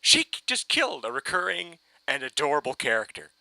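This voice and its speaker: A man ranting excitedly in a casual fan review, rambling and swearing with many restarts. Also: fairly high pitch, a little fast, vocal fry, no room sound, poor audio.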